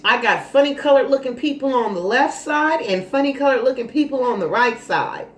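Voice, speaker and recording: Animated, dramatic woman vlogger. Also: sits high, a little fast. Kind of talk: casual storytelling monologue. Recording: roomy echo, faint noise.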